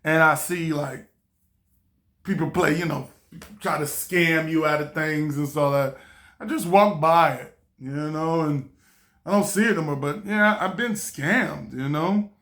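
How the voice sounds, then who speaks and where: A young man from a small town tells a story straight to camera, casual and animated. His voice is bright and forceful, and he laughs often as he acts out the people in his tale. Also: fairly high pitch, unhurried. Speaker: vlogger.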